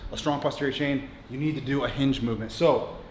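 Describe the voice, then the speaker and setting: A man's voice: mid-range voice, fairly quick, a little hiss or hum. A man in his thirties, a strength coach, talking bluntly with lots of swearing as he explains his lifts in a gym. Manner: blunt, profane, coaching instructions between lifts. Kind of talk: gym workout vlog talk. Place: gym, indoors. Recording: echoey gym with faint ambience.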